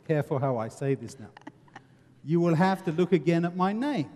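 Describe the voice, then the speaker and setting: A man's voice: a little high, very animated, unhurried, darkish tone. A man with an English accent leading a seminar discussion, earnest and given to rhetorical questions and wry humour. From England. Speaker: seminar presenter. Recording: reverberant hall.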